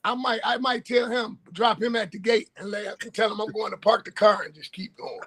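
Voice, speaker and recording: A man co-hosting a casual sports talk livestream, telling stories with laughter and loud bursts. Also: high-pitched, steady tone, a little fast, breathy edge. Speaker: co-host. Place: livestream call.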